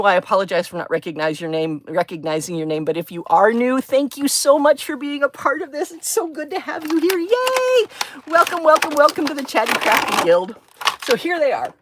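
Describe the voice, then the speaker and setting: A woman's voice: medium pitch, fairly bright tone, a little hiss or hum. A woman hosting a craft livestream, chatting casually and gushing with delight over her supplies. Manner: bubbly, gushing, squeals of delight. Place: craft table at home.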